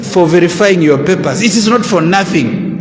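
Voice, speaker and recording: High-voiced Ugandan man preaching in an echoey hall. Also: moderate pace. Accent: Ugandan English. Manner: preachy, asks rhetorical questions and answers them. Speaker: religious council official. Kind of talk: public address to a Muslim audience. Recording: echoey hall with long reverb.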